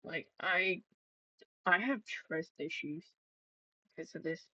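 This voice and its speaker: Rambling, swearing woman, low voice. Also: slow, pushed and bright, no room sound, muffled recording. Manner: rambling, swearing, many fillers and restarts. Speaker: gaming vlogger. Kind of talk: casual storytime chat while gaming.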